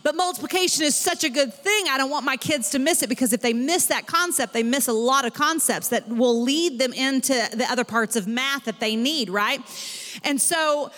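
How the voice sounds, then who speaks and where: A woman pastor preaches to her church in a lively, emphatic way. Her voice sits high and sounds bright and clear. It rings out with a long hall reverb behind it. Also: normal speed. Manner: animated preaching with rising emphasis. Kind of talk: sermon.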